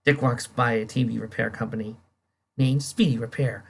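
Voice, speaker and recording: A comic reader narrating panels aloud, animated, sometimes stumbling over words. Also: mid-range voice, moderate pace, vocal fry, slightly rough. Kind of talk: reading a comic aloud with voices.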